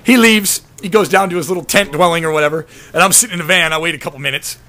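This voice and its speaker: A man's voice: fairly high pitch, racing, bright, forceful tone, a little hiss or hum. A man telling a long personal story in a casual, rambling vlog, swearing freely and breaking into laughter as he goes. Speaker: vlogger.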